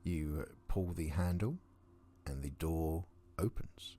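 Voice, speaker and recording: A man narrating a tabletop game as dungeon master, calm and measured with some hesitant fillers. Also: very deep voice.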